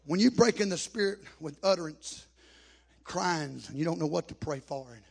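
A man preaching a Pentecostal camp meeting sermon, rising to chanted shouts and dropping to a hush. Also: lively intonation, normal speed, creaky, breathy edge. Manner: shouting, chanting cadence at its peaks, then dropping low and hushed.

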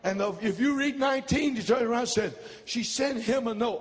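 Fiery revival preacher, male, very high voice, shouts in bursts, long reverb from a big church. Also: brisk. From United States. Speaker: pastor. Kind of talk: revival sermon. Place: large church.

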